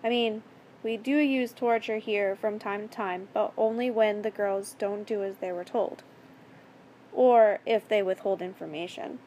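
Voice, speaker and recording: A woman's voice: mid-range voice, measured pace, a little hiss or hum, natural voice. A woman reading a story aloud and voicing a mocking, menacing male captor with a sticky, falsely kind manner. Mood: calmly threatening. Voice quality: sticky-sweet mock kindness. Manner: taunting, calm, controlling.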